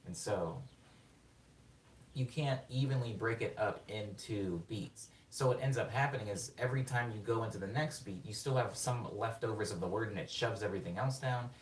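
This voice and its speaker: A man's voice: fairly low pitch, moderate pace, slight background noise. Rambling man live-streaming music production. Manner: rambling, excitable, self-interrupting, sings words on the beat. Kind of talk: casual live-stream explanation. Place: home studio during a live production stream. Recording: roomy room sound, mic at a distance, faint music.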